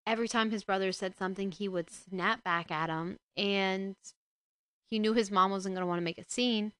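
A woman casually retelling a book and commenting on it, growing indignant and loud as she scolds a character. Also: mid-range voice, fairly even intonation, normal speed, clear, resonant tone, no echo. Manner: indignant, gets loud and heated when scolding the father. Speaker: book discussion host.

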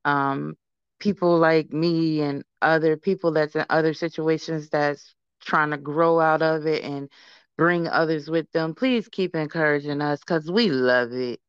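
Smooth-voiced woman sharing her story. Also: deep voice, a little slow, no echo, lo-fi sound. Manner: earnest, animated, acts out quoted voices. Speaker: guest, founder of a support program. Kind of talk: casual interview testimony.

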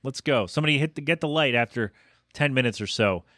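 Guy hosting his own podcast, talks way too fast, trips over his words, super dry sound. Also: medium pitch, fairly bright tone, no room sound. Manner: fast, self-interrupting, chatty. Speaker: podcast host. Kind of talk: rambling solo podcast monologue.

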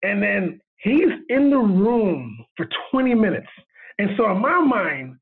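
A man, a video director, tells a story in casual chat, animated and laughing as he acts out what people said. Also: high voice, moderate pace, breathy edge. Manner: animated, laughing retelling with quoted dialogue. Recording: tinny phone line.

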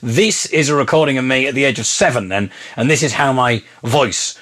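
Rambling Northeast English comic monologuist. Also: male voice, mid-range voice, brisk, a bit bright. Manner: rambling, self-mocking. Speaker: podcast host.

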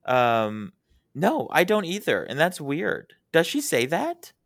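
A giggly young woman co-hosting a podcast in a dry, close sound. Her pitch swoops around a lot as she talks, and she fills her sentences with "like". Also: huge pitch swings, slow, no room sound. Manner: giggly, lots of "like", playful. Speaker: podcast co-host. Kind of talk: casual chat.

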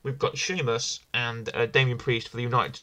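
A man's voice: medium pitch, fairly even intonation, normal speed, pushed and bright. A man hosting a casual wrestling review podcast, rambling and enthusiastic, often repeating himself. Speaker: podcast host.

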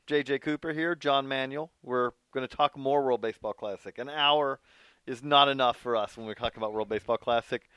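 A man hosts a casual sports podcast in an easygoing way, hedging and repeating phrases as he thinks aloud. His voice sits at an ordinary middle pitch. The recording is dry and close. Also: fairly quick, a bit bright, clean tone, dry recording. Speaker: podcast host.

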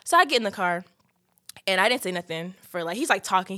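A woman's voice: fairly low pitch, fast. A young woman tells a dramatic, profane story in casual storytime style. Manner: dramatic, profane, animated, slips into shrieking quotes. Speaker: vlogger.

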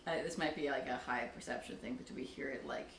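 Give me a low-pitched woman chatting casually as a tabletop game player, laughing easily and saying "like" a lot. She sounds a bit far from the mic in an echoey room. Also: fast talker, a bit bright. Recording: echoey room, distant mic, faint noise.

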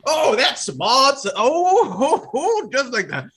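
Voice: high voice, very animated, a little slow, fairly bright tone, husky, full character voice. A player doing a wailing injured man. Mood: groaning. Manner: melodramatic wailing and moaning. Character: injured, groaning adult man with a broken arm. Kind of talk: tabletop role-play.

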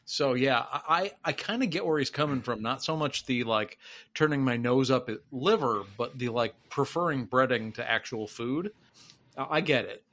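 A man's voice: mid-range voice, moderate pace, a bit bright. A man in his forties in casual chat with old friends, talking hesitantly with many false starts. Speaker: podcast co-host.

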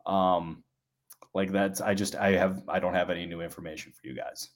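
A man with a low voice talks through baseball news on a podcast. His delivery is conversational and hedging, dotted with "like" and "um". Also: little pitch movement, moderate pace. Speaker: baseball insider guest. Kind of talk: casual podcast analysis.

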